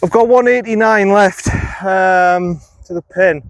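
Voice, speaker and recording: A man's voice: high-pitched, a little slow, no room sound. Self-critical man commentating his golf. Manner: self-critical, talks to himself. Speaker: golf vlogger. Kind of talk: running commentary while playing golf. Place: outdoors on an empty golf course. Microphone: phone camera.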